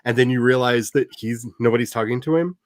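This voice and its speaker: A man chatting casually as a host, animated and rambling with many fillers. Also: medium pitch, quick pace, no echo. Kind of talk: casual chat.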